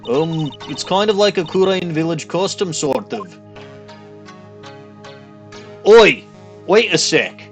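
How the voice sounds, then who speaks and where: Streamer, male, slightly high voice, hammy fake Scottish brogue on game text, faint music under. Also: expressive, slow pace, pauses often. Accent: put-on Scottish. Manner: goofy, reads dialogue in a put-on Scottish accent. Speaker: let's play streamer. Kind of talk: game commentary with reading aloud.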